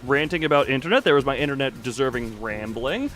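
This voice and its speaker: A man's voice: medium pitch, expressive, fast talker, music in the background. Rambling male game streamer. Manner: rambling, self-mocking, reads lines aloud. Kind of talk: casual game commentary.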